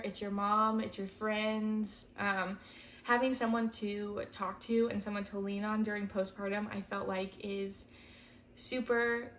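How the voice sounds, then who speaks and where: A young woman vlogs in her twenties, speaking candidly and emotionally, sometimes near tears. Her pitch sits in the middle for a woman, and her talk is full of casual fillers. A faint hum of noise sits under the voice. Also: a bit bright. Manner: chatty, many fillers like "like" and "um". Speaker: vlogger, first-time mom.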